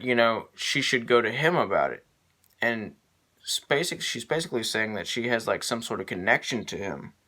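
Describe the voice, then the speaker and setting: Slow, bright-toned man reviewing a show. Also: mid-range voice. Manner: halting, many ums and restarts. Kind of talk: unscripted video review.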